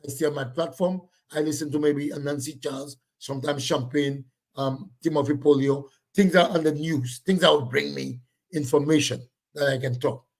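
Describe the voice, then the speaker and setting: Guy on a livestream, talks loud and blunt, bit higher voice, keeps repeating himself. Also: steady tone, moderate pace. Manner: loud, blunt, repetitive scolding of commenters. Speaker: livestream host reading viewer comments. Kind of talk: casual livestream chat.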